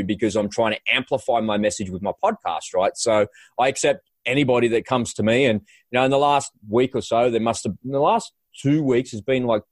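Podcast host guy, casual chat, talks in fast bursts, dry mic. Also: medium pitch, no room sound.

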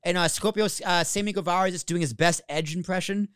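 A man co-hosting a wrestling podcast in casual chat, animated and quick, sometimes slipping into shouted impressions. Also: sits high, clean tone. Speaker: podcast co-host.

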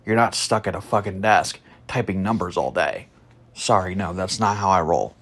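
A man telling a story about a past job as a podcast host, blunt and profane, starting slow and soft, then growing loud and heated. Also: deep voice, breathy edge. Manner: slow and soft at first, growing louder and animated. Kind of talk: casual storytelling monologue.

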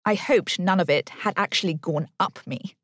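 A woman's voice: on the low side, moderate pace, a bit bright, no room sound, studio quality. A woman narrating a first-person novel in a wry, bitter tone.

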